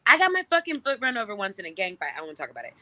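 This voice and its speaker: Bright punchy woman in her 30s, swears a lot, acts out everybody's lines loud and high, casual chat. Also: racing. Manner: animated and profane, acts out quoted lines in loud high voices. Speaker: celebrity guest.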